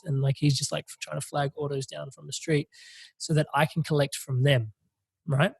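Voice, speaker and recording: A young man tells a story on a podcast, loose and animated. His voice sits a little high, and the recording is dry and close. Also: brisk, gravelly, breathy edge, no room sound. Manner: animated, swearing, laughing through a story. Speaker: podcast host. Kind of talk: casual storytelling.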